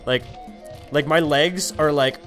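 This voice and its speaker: A man's voice: a little high, slow, fairly bright tone. A young man giving rambling, casual commentary over his gameplay, full of ums, likes and swearing. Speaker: let's play gamer. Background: game music.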